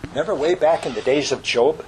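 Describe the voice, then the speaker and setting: A man's voice: a little high, a little fast, crowd noise, low-quality recording. A man preaching an earnest, fervent sermon that ends in prayer.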